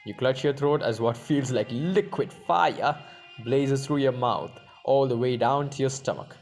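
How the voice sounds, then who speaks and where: A man's voice: medium pitch, a little slow, darkish tone, faint music behind. A man reading an interactive story game aloud as narrator, breaking off for chatty asides and laughs.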